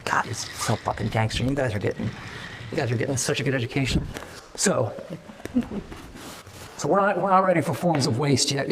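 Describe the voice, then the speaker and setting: A middle-aged man, a company founder, talking fast and casually to his staff, swearing freely and acting out little voices as he goes. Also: mid-range voice, vocal fry, in a large hall, a little hiss or hum. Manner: fast, profane, animated, acts out voices. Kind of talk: casual meeting talk to staff.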